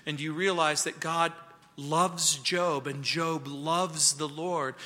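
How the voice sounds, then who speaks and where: A man preaching a verse-by-verse sermon as a pastor, earnest, moving between soft and emphatic delivery. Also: fairly high pitch, big-room sound. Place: church sanctuary.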